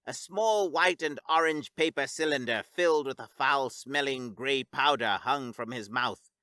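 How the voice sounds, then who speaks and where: A man narrating a scripted science fiction story in a steady, even storytelling read. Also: mid-range voice, a little slow, no room sound.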